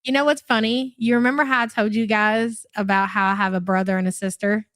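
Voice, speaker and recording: A woman's voice: mid-range voice, steady tone, brisk, fairly bright tone, dry recording. A woman from Kentucky with a Louisville accent, hosting a live reaction stream and reading out chat messages in a blunt, chatty way. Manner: chatty, blunt, swears casually.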